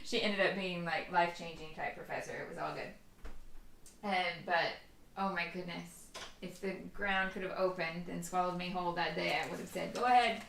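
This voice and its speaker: A woman hosts a live crafting stream, chatting casually, laughing a lot, and narrating her own work. Her voice is on the low side, gravelly and slightly bright, with fairly even intonation and a moderate pace. The recording has a roomy echo and a little hiss or hum.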